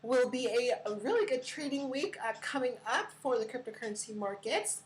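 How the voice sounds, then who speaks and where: High-voiced female host, giggly, chatty with fillers, casual stream. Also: expressive, normal speed, rough recording. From California. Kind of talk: casual live stream chat.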